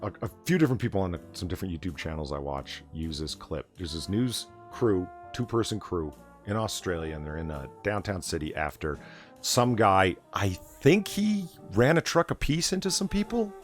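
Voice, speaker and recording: A man's voice: low-pitched, expressive, normal speed, soft background music. A man hosting a late-night casual chat, talking in a sardonic, profane rant. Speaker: host.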